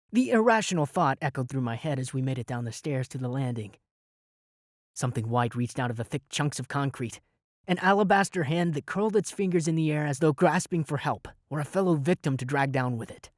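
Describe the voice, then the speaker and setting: A young man narrating a fantasy audiobook in the first person with lively, dramatic delivery. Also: mid-range voice, brisk, dry recording, studio quality. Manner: lively, dramatic storytelling with shouted spells.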